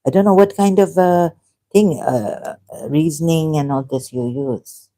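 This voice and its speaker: A woman, hosting a livestream and talking off the cuff in a rambling, animated way, often breaking into laughter. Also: sits low, a little slow. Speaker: livestream host. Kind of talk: unscripted livestream monologue.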